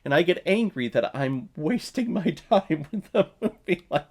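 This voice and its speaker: A man's voice: a little high, lively intonation, normal speed. A man ranting casually in a movie review, exasperated and profane, with a mocking tone. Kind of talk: casual film review rant.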